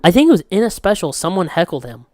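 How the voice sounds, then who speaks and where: A man's voice: high voice, big pitch swings, fast talker, a little mellow, no room sound. Rambling, swearing man on a dry mic. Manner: rambling storyteller, swears freely, laughs often. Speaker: podcast co-host. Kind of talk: casual chat.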